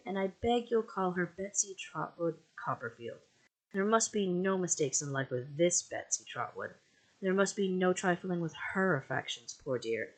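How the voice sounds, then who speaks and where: An audiobook reader voicing a stern, domineering older aunt who gives sharp, brisk commands. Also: medium pitch, voice pushed up, close to an everyday voice. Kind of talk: audiobook character voice.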